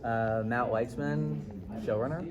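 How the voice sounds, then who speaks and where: Dry-humored middle-aged showrunner. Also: male voice, mid-range voice. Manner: dry joking, halting with restarts. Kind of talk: press interview. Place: busy convention press room. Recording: crowded convention room noise. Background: crowd chatter.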